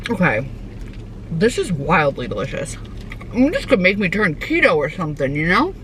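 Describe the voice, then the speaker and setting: A woman's voice: on the low side, wildly swooping pitch, normal speed, heavy background noise. A young woman vlogging casually from home, rambling with lots of "like" fillers and turning emotional at times. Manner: chatty, rambling, many "like" fillers. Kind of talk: casual vlog chat. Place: her home.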